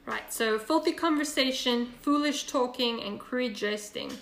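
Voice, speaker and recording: A woman's voice: on the high side, a little slow, fairly bright tone, roomy sound. A woman leading a Bible study over a video call, chatty and earnest, with many fillers and restarts. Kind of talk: casual online Bible study teaching.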